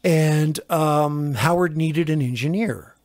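A man's voice: on the high side, takes it slowly, darkish tone, no echo. A man, a record producer, telling long, rambling anecdotes in a casual interview and acting out the quotes in them. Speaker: record producer and engineer guest.

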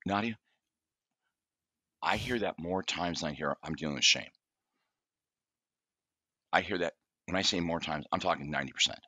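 A man's voice: low-pitched, normal speed, long pauses, husky, no echo. A middle-aged man, a therapist guest on a podcast, telling stories from his practice and acting out what his clients say. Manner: animated storyteller, acts out client dialogue. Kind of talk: conversational podcast interview.

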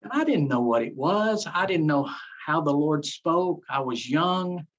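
A man's voice: on the high side, expressive, unhurried. A man, a pastor, telling his life story in an interview in an earnest way, repeating phrases and acting out his own past words. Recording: dull lo-fi sound.

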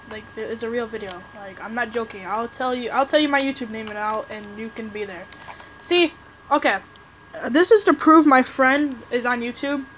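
A woman chatting through a game session as commentator, rambling and excitable, tossing jabs at other players. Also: fairly high pitch, slight background noise, rough recording. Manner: rambling, excitable, trash-talking teammates; restarts and fillers, chatty. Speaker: gameplay commentator. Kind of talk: casual live game commentary.

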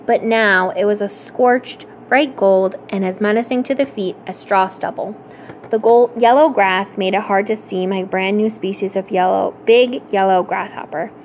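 A woman reading a children's novel aloud for a library storytime, in an expressive, clear storytelling manner. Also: medium pitch, normal speed, a little hiss or hum.

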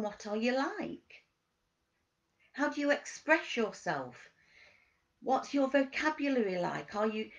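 A woman coaches her listeners through a wellness session. She speaks slowly, asking one gentle question after another and pressing hard on the words that matter. Her voice sits at an ordinary middle pitch for a woman. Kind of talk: motivational wellness talk.

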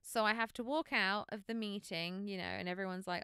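A woman in her thirties hosting a podcast, telling a personal story in an animated way and laughing often. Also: mid-range voice, brisk, clean tone, dry recording, clean studio sound. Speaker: podcast host.

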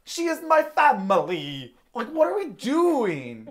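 A man co-hosting a film review podcast, animated and agreeable in casual chat. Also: very high-pitched, slow pace.

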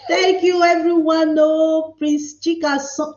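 A playful Nigerian woman hosts a live stream, chatting loosely and reading comments aloud. Her voice sits high and she talks at an unhurried pace. The sound is echoey and a little dull. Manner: playful, chatty, mixes pidgin with English. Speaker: livestream host.

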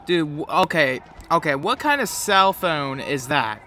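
A man's voice: a little high, very animated, measured pace, bright, forceful tone. A man with a cold giving profane, joking play-by-play commentary while playing a game. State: has a cold. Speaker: gamer commentator.

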